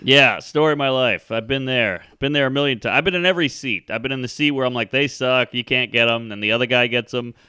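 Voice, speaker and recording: A man comedian chatting as a guest, firing off crude, animated jokes. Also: medium pitch, smooth, no room sound, studio quality. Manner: fast, crude, animated punchlines. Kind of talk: casual chat.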